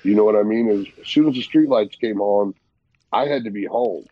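A man's voice: fairly low pitch, a little fast, dry recording, dull audio. A man co-hosting a podcast, casually telling easygoing stories from his past. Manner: easygoing, nostalgic storytelling. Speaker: podcast co-host.

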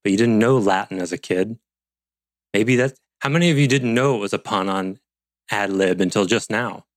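A man's voice: on the low side, normal speed, no room sound. A man teaching an online leadership class over a video call, rambling with playful asides and self-interruptions. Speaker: course instructor.

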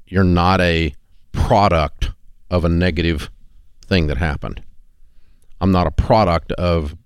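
Low-voiced blunt folksy male host. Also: steady tone, slow, smooth, dry recording, clean studio sound. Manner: blunt, folksy, rambling with restarts. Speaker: radio show host. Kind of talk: casual talk show chat.

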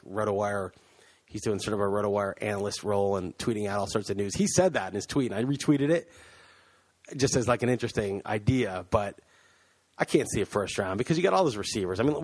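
A man co-hosting a podcast in casual chat, loose and rambling, laughing as he talks, recorded on a computer mic. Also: fairly low pitch. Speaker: podcast co-host. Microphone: computer mic, remote call.

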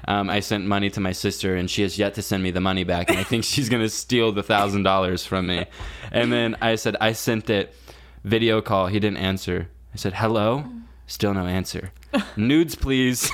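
A man's voice: lowish voice, a little fast. Young man telling a comic story. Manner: animated, acts out quotes, laughs often. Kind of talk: casual chat, comic storytelling.

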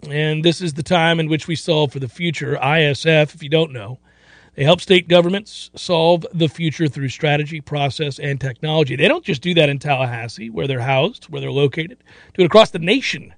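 A man's voice: on the high side, a little fast, dry recording. A man hosting a sports radio show in casual, rambling chat, sometimes slipping into playful mock voices.

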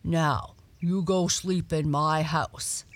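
A woman reading a storybook aloud and voicing a friendly, warm-hearted male dog in a slower, lower and louder voice with a changed timbre. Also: fairly even intonation, dry recording.

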